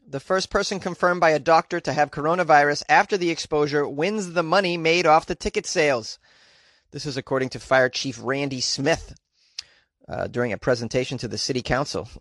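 A man's voice: mid-range voice, fairly bright tone, dry recording. A man from California giving casual news commentary, sarcastic and incredulous, with rambling asides. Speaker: commentary host.

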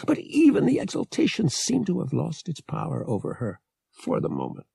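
A man reading an audiobook in measured, expressive scripted narration. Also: fairly high pitch, gravelly, husky, no echo, studio quality.

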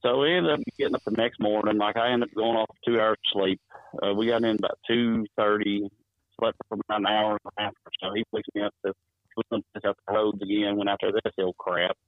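A wrestling promoter, telling stories in a rambling, chuckling way while calling in to an interview. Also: male voice, fairly low pitch, fairly even intonation, quick pace, dry recording. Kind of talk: phone-in interview storytelling. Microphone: phone. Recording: tinny dry phone line.

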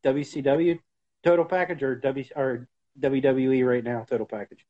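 A man's voice: medium pitch, steady tone, normal speed, dark tone. A man co-hosting a wrestling podcast, chatting casually and teasing his co-host. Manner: easygoing, teasing banter. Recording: dull lo-fi sound.

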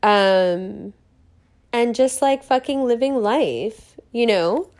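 Brief: higher-voiced woman, stream host, bubbly and gushing, swears casually, "like" in every phrase. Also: lively intonation, takes it slowly, a little mellow. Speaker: host of her own live stream. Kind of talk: casual motivational monologue. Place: sitting on a velvet couch in a room full of bamboo.

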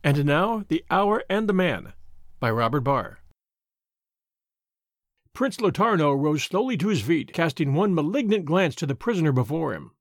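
A man narrating a story podcast in an expressive storytelling manner. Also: on the high side, normal speed, no echo, studio quality. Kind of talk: scripted audiobook narration.

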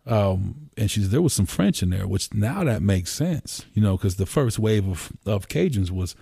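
A man's voice: on the low side, animated, normal speed, creaky, mellow, slightly rough, dry recording, studio quality. A man from Pennsylvania, a podcast guest, telling stories in a loose, rambling way, full of "you know" fillers and casual swearing. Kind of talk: casual storytelling conversation. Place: home room.

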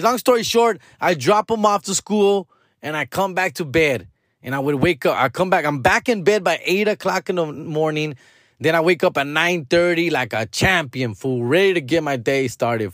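A man's voice: fairly high pitch, no echo, clean studio sound. A middle-aged man, talking in a casual, profane, rambling monologue that slips into Spanish. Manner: slangy, profane, bilingual Spanish code-switching; drawling, rambling. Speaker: podcast host.

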